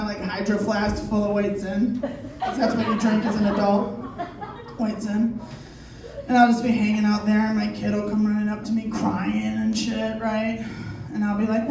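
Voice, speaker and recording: Woman doing crude stand-up in an echoey club. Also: mid-range voice. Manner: crude, animated, acts out scenes in shouted voices. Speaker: stand-up comedian. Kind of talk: stand-up comedy set. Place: comedy theater stage before a laughing audience. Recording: distant, echoey club recording with audience noise.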